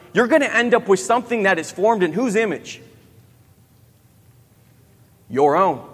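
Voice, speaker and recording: A youth pastor in his thirties preaches a sermon, quizzing the audience and ending many lines with "right?". His voice is high and fairly bright, and a long hall reverb trails each phrase.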